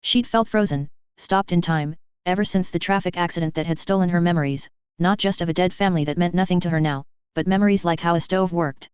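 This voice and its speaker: A woman reads a story aloud in a steady, measured way. Her voice is very clear and sits a little low. The recording is close and dry, with a dull, lo-fi sound. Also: dry recording. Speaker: audiobook narrator. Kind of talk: scripted narration.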